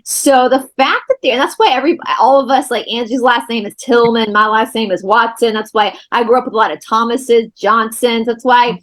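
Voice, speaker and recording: A woman's voice: on the high side, fairly quick, few pauses, a bit bright. Chatty woman hosting a podcast. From Southeastern United States. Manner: chatty, rambling storyteller. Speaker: podcast host. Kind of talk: casual chat.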